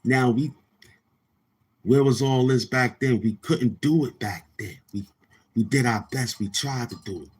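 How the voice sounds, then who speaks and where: A man's voice: medium pitch, a little slow, slightly rough. A man hosting a livestream, ranting loosely with restarts and mocking quoted voices. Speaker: livestream host. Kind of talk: casual livestream rant.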